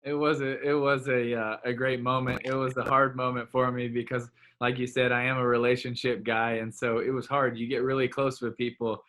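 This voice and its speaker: A man's voice: mid-range voice, flat delivery, a little fast, few pauses, a bit bright. A young man from Florida, a former player, recalling a decision in an interview, earnest and heartfelt. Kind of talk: reflective interview storytelling.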